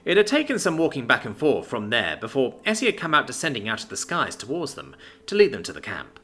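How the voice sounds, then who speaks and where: Brief: male narrator, very animated delivery, bright tone, soft music behind. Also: medium pitch, quick pace. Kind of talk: storybook narration.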